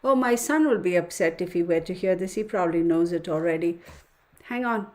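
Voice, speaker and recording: Speaking straight to her viewers, a woman hosts a casual tarot livestream in a fairly low, expressive, slightly mellow voice. Her pace is brisk, and she sighs often and mutters her counting under her breath.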